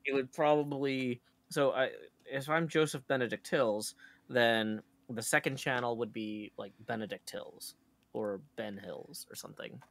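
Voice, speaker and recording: A man co-hosting a live stream, with a gravelly, creaky voice at a middle pitch. He rambles casually and fills his talk with hedges and restarts. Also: a little slow. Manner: rambling, full of fillers. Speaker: stream co-host.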